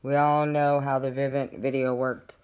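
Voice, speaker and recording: A woman's voice: very deep voice, level tone, normal speed, a little mellow, smooth. A woman talking casually to her viewers as a true crime vlogger, reading from case documents and making her points emphatically. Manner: chatty, addresses viewers directly, reads documents aloud. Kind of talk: casual talk to camera.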